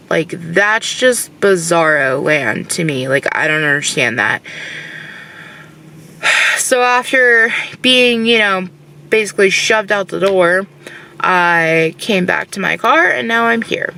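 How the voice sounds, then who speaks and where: A woman vlogging from her car in a casual, frustrated rant, rambling and filling every pause with "like". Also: fairly low pitch, animated, gravelly, pushed and bright, low-quality recording. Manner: frustrated, rambling, says "like" constantly.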